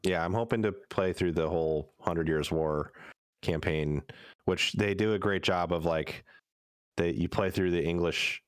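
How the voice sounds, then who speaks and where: Deep-voiced man in rambling podcast chat. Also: a little slow, clear, resonant tone, no echo, clean studio sound. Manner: rambling, many restarts. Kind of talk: casual chat.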